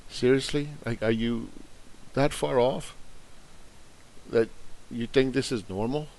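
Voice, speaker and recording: A man's voice: medium pitch, fairly even intonation, slow pace, a little mellow. Angry, profane man ranting about money. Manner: angry, sarcastic, profane, mocking. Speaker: investing channel host. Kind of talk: ranting commentary.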